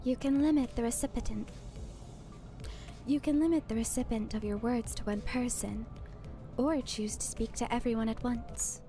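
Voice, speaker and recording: A calm, precise guide explains the rules in a measured, mellow voice that sits fairly high, read by a woman. The delivery is patient and exact, with faint music underneath. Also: natural voice. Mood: composed.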